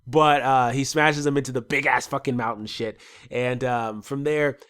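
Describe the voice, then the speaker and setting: A man's voice: mid-range voice, steady tone, normal speed, a bit bright, clear, resonant tone. A man with a stuffy nose giving a casual solo episode review, rambling and swearing freely.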